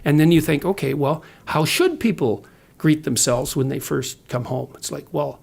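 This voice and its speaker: Man talking on a podcast, kinda high, gravelly, explains stuff earnestly w/ sarcastic bits. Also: normal speed, a little mellow. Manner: earnest, lecturing, sardonic asides. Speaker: guest author. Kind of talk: conversational podcast talk.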